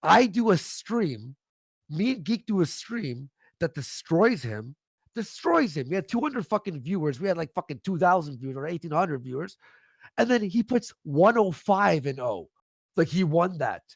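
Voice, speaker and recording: Furious, gravelly man ranting. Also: a little high, big pitch swings, moderate pace, no room sound, studio quality. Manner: angry, profane, shouting insults. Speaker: livestream guest. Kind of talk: heated livestream rant.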